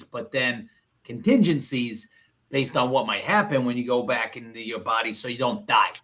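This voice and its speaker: A man's voice: mid-range voice, a bit bright. A man playing a tabletop game who explains plans at length in a rambling, joking way. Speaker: player. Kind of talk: casual tabletop game chat.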